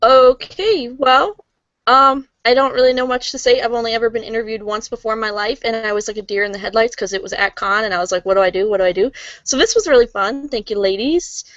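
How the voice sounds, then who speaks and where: A woman's voice: on the high side, fairly quick, a bit bright, no echo. A woman guest being interviewed in a casual chat, cheerful and laughing often. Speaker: guest cosplayer. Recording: muffled lo-fi dry sound.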